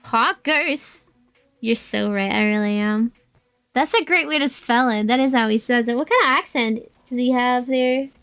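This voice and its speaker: High-voiced playful woman streamer. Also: moderate pace, a bit bright, clear, resonant tone, dry recording. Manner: playful, swears, reads and answers chat. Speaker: VTuber streamer. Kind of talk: casual gaming livestream chat. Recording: dry voice with faint game music.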